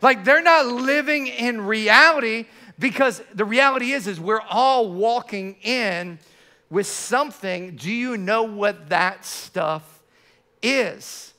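A man preaching a sermon to his church, animated, often restarting his words. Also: sits high, takes it slowly. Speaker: pastor.

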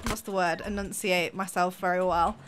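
A young woman from near Birmingham with a softened Brummie accent, chatting fast and mumbling as co-commentator over a speedrun. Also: on the low side, steady tone, background noise. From English Midlands, near Birmingham. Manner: fast-talking, mumbles, laughs often. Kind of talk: casual chat over gameplay.

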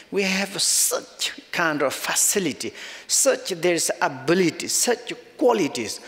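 Tibetan guy teaching dharma, broken english, kinda high voice, big echoey hall. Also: fairly bright tone. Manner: halting non-native English with fillers, storytelling. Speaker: Buddhist teacher.

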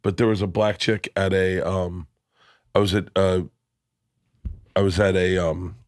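A man's voice: low voice, measured pace, dry recording, clean studio sound. Middle-aged man telling profane stories. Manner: animated, profane, laughing storyteller. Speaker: podcast host. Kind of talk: casual comedic storytelling.

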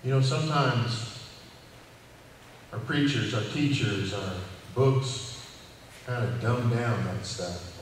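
Folksy preacher in an echoey hall. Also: male voice, medium pitch, expressive, slow pace, long pauses, a little hiss or hum. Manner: folksy, conversational, repeats phrases for emphasis. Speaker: cowboy church preacher. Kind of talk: informal sermon. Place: church hall. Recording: echoey hall, distant mic, faint ambience.

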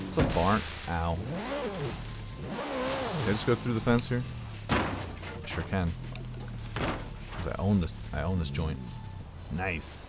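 A man hosting a let's play video, giving excitable, jokey commentary while he plays. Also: sits low, slow pace, long pauses, loud music behind the voice. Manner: excitable, jokey, loud sign-off. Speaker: gaming channel host.

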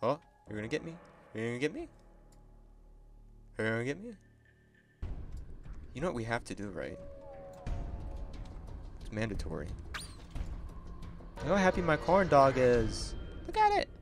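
A man giving excitable, chatty gameplay commentary and laughing often as a gaming video creator. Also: medium pitch, moderate pace, vocal fry, long pauses, faint music behind.

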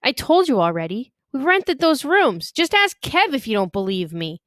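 A woman's voice: sits high, very animated, moderate pace, a bit bright, no echo, studio quality, voice pushed up. Woman reading as a flustered teenage boy. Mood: pleading.

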